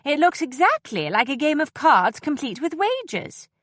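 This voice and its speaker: Woman reading a prim, brisk governess. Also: high-pitched, very animated, no room sound, studio quality, voice pushed up. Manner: precise, prim and firm.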